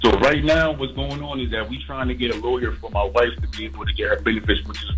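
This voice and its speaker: A man's voice: medium pitch, steady tone, fast talker, a bit bright, faint music behind, low-quality recording. A man calling into a radio show, earnest, repeating himself and stumbling over words. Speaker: caller. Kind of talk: radio call-in.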